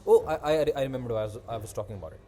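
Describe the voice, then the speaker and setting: Young male host, mellow tone, animated rambling storyteller who swears freely. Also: mid-range voice, rapid-fire. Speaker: podcast host. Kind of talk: casual chat.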